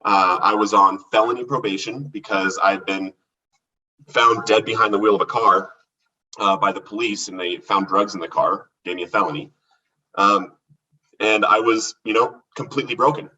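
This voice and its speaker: A man recounting his recovery from addiction as a podcast guest, earnest and halting, with many restarts. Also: lowish voice, pushed and bright, husky, distant mic, highs cut off. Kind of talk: candid testimony in a podcast conversation.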